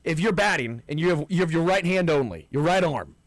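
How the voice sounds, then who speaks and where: A man with a slightly high voice and lively intonation talks fairly quickly on a dry recording. He's co-hosting a sports radio show from a studio, eagerly arguing his point in casual banter and tripping over his words when pressed, all captured on a studio microphone.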